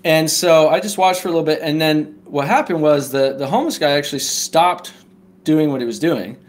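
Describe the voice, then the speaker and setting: A man's voice: a little high, brisk. A man speaking as a podcast guest, telling a personal story earnestly and often checking in with "right?". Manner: earnest, tags points with "right?". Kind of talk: casual conversational storytelling.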